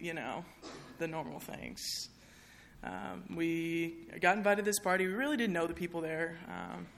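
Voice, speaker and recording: Young woman telling her story in a chapel, gravelly voice, chatty, lots of ums. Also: fairly low pitch, a bit bright, slight background noise. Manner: candid, conversational, many fillers and direct questions to the audience. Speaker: speaker giving a personal testimony. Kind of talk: personal testimony to a live audience.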